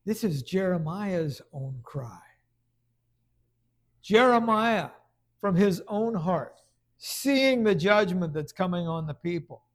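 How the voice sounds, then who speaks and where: A man preaching a conversational sermon, stumbling over restarts and then rising into loud bursts of emphasis. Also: high voice, animated, takes it slowly, long pauses.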